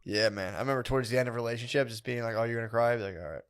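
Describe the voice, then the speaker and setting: A man's voice: medium pitch, rapid-fire, smooth. A man co-hosting a podcast, laid-back and crude, often acting out what he said to others. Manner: laid-back, quotes himself in asides. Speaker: podcast co-host. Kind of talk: crude casual banter.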